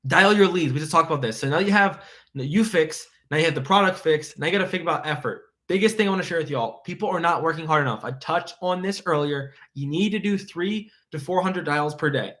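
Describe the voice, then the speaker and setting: An energetic man coaching live, his voice pitched a little high. He talks fast and excitedly and keeps piling on rhetorical questions and repetition, like a motivational speaker. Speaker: insurance sales coach.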